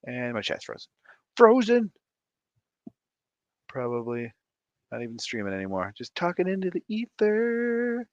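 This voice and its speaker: A man's voice: sits high, huge pitch swings, a little slow, long pauses, no room sound, dull audio. A man in his thirties hosting a casual live stream, playful and sing-song as he greets viewers by name, sounding tired. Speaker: livestream host.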